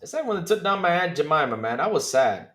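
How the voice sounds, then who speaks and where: A man hosts a loose, chatty podcast, his pitch sitting a little above most men's. He laughs often, doubles back on his own phrases and swears casually as he riffs. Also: big pitch swings, quick pace, a bit bright. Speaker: podcast host. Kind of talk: casual livestream chat reacting to chat comments.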